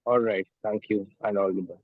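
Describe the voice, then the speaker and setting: A man's voice: fairly low pitch, fairly even intonation, normal speed, no echo. Courteous man on a dull call line.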